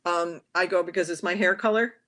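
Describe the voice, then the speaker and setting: Her voice is lowish and fairly quick. This woman, a chatty tarot reader appearing as a guest, talks casually in an interview and brings her anecdotes to life by performing little quoted voices.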